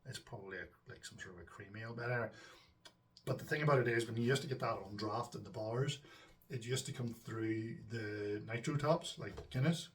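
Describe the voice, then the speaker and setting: A low-voiced Northern Irish man rambles easily to his viewers, trailing off into ums and side comments. He sits a little back from the microphone, so his voice sounds distant. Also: a little hiss or hum. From Northern Ireland. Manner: rambling and chatty, with frequent ums and asides to viewers. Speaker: homebrewing channel host. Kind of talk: casual chat to camera.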